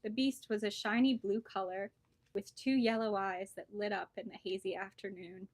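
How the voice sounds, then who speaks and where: A woman bookseller reading a children's storybook aloud with lively, expressive storytelling. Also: mid-range voice, moderate pace, no echo.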